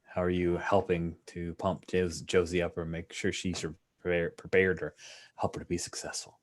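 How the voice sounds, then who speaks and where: Over an online call with screen sharing, a man serves as game master, narrating a tabletop baseball game in a relaxed, chatty way with plenty of fillers and small sportscaster flourishes. His voice sits low and he talks at a normal speed.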